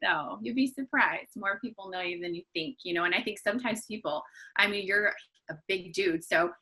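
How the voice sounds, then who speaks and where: Woman cohost, bright sharp voice with lots of fry, encouraging and chatty. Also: mid-range voice, animated, normal speed. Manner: encouraging, reads fan questions aloud. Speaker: podcast co-host. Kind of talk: casual podcast chat.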